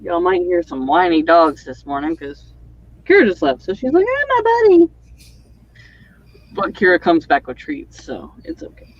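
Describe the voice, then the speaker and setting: A woman's voice: fairly low pitch, expressive, normal speed, lo-fi sound. A woman hosting a writing livestream, chatting casually and rambling with lots of fillers over a video call. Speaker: livestream host and author.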